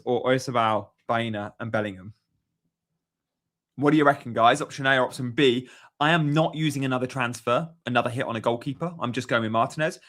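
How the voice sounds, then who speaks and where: A man's voice: medium pitch, fairly bright tone. Chatty man live-streaming. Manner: chatty, upbeat, reads out chat messages. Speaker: fantasy football streamer. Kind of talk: casual live-stream chat.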